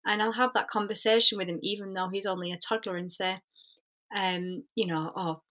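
A woman's voice: medium pitch, fairly even intonation, fairly quick, a bit bright. A young woman, a spiritual coach, talking earnestly and reflectively in a podcast interview, with many fillers.

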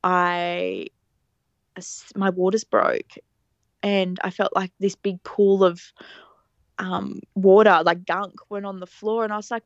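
Brief: young woman, chatty podcast guest, expressive storyteller, slightly dull and dry recording. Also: medium pitch, slow, no room sound. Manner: animated, laughs often, acts out quoted lines. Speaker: podcast guest telling her birth story. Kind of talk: casual storytelling interview.

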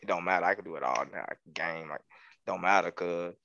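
A man's voice: deep voice, fast, vocal fry, sharp tone, highs cut off, slight background noise. A man co-hosting a casual podcast, laid-back and slangy, laughing often. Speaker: podcast co-host.

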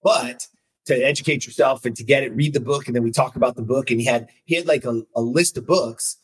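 A man's voice: mid-range voice, brisk, husky, poor audio. A man hosting a casual conversation, reflective and recapping points with asides. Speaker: podcast host.

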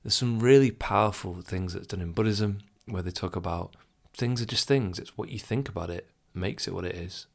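Gravelly-voiced man giving advice. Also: low voice, normal speed, hardly any pauses. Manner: conversational, reflective, chuckles often, acts out inner thoughts. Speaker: self-help speaker. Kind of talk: casual advice talk to the listener.

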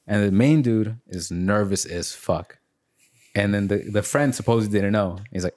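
A young man chatting casually on a podcast, telling stories and acting out quotes in high voices. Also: normal speed. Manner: animated storyteller, acts out quotes in high voices. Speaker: podcast host. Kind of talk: casual chat.

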